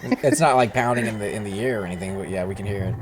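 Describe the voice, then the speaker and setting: A man's voice: lowish voice, very fast, music in the background. A man hosting a gaming video, chatting casually and joking with a friend while he plays. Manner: laid-back, joking, musing aloud. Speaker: gaming channel host. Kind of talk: casual chat while playing a game. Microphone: desk microphone.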